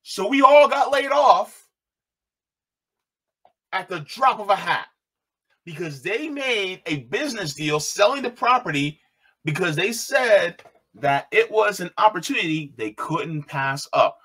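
A man casually telling a personal story on his channel, animated and repeating phrases, quoting others in a raised voice. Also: high-pitched, measured pace, husky. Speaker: video host.

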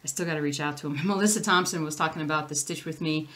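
A woman hosting her own crafting channel, talking casually and a little scattered to the camera. She wanders off topic and circles back. Her voice sits slightly low for a woman. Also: fast, a bit bright. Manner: rambling, easily sidetracked, chatty. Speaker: cross-stitch channel host.

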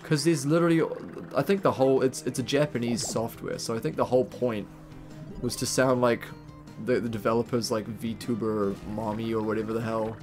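Young New Zealand man, rambling gamer-streamer energy, mid-pitched voice, faint game music underneath. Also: fairly quick. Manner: rambling, laughing, swearing casually. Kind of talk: casual live-stream gaming chat.

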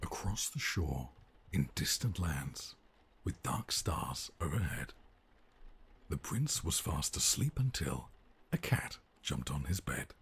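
A man narrating a rhyming bedtime story for a game in a measured storytelling cadence. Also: very deep voice, sing-song, fairly bright tone, husky, exaggerated voice.

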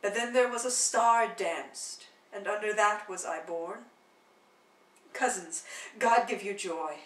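A woman voicing a witty, sharp-tongued noblewoman in a play reading, with quick teasing banter, recorded on a phone livestream. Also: medium pitch, reverberant, recorded from a distance, lightly acted, low-quality recording.

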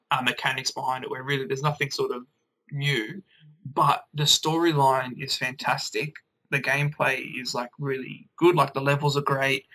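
A man's voice: mid-range voice, pushed and bright, rough recording. A man, co-hosting a casual gaming podcast, rambling and chatty with lots of fillers. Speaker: podcast co-host.

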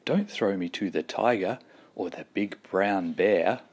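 A man's voice: sits low, a little slow, a little mellow, husky, exaggerated voice. A man voicing a frightened little cave baby boy in a storybook, pleading and asking anxious questions.

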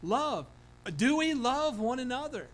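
A man's voice: high-pitched, unhurried, a bit bright, low-quality recording. A man preaching a sermon as pastor, earnest, with frequent restarts and filler words. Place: church sanctuary.

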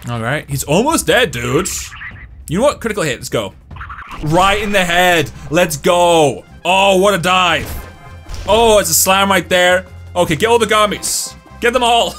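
A man chatters through a video game in loose, jokey commentary. His voice sits a little high and jumps up when things go wrong. Faint music plays underneath. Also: moderate pace. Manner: excitable, jokey, yelps and laughs at the game. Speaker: gaming YouTuber.

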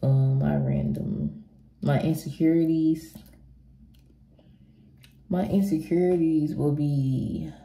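Low, mellow-voiced woman vlogging casually. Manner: blunt, swears freely, rambles and restarts. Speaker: vlogger answering viewer questions. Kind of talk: casual Q&A chat. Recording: echoey room.

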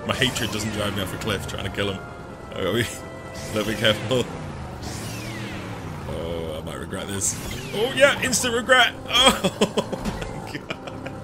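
A man giving chatty, self-mocking gameplay commentary, laughing often as his pitch jumps around. Game music plays behind his voice. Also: sing-song, unhurried, pauses often. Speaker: let's play host.

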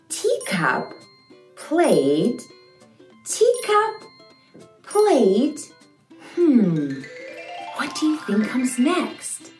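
Slow sing-song woman teaching toddlers. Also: on the high side, recorded from a distance. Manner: encouraging, exaggerated praise. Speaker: children's video host. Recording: echoey room, soft music behind.

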